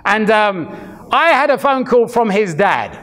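Lively-voiced man in his fifties preaching. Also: high-pitched, measured pace. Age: 50s. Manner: storytelling, acting out quoted voices; chatty, full of restarts. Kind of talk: sermon.

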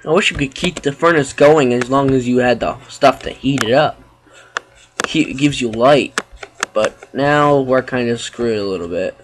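A man giving casual gameplay commentary, chatting to viewers with sudden loud exclamations and sarcastic asides. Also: mid-range voice, moderate pace, background noise. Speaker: let's play gamer.

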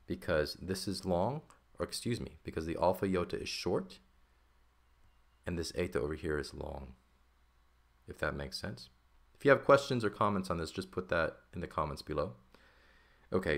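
A man teaching a textbook lesson on Greek accents, explaining patiently and often checking in with "okay?" and "right?". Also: low voice.

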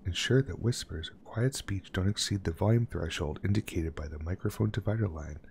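Male streamer, deep gravelly voice, jokey game commentary, reads text aloud, faint background hiss. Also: brisk, darkish tone. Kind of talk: casual gameplay commentary.

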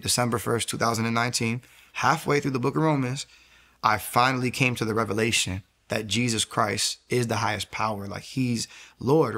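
Man with a gravelly, mid-pitched voice telling his testimony; earnest storyteller who restarts often and voices the others in his story. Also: a bit bright. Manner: earnest, quick, with lots of "like" fillers and restarts; acts out the people in his story. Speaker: guest sharing a faith testimony.

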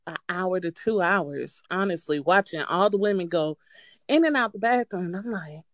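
Animated woman caller telling a story. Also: fairly low pitch, normal speed, no echo. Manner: animated, swearing, breaks into nervous laughter. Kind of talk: casual storytelling.

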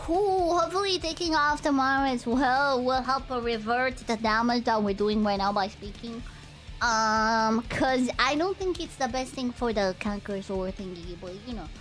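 A young woman live streaming, chatting casually and profanely with her viewers, joking and swinging between squeals and low mutters. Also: moderate pace, a bit bright, soft background music.

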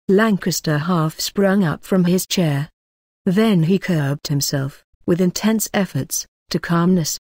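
Speaking on the low side, a woman narrates an audiobook with steady, measured reading. The scripted narration is recorded cleanly in a studio with no echo.

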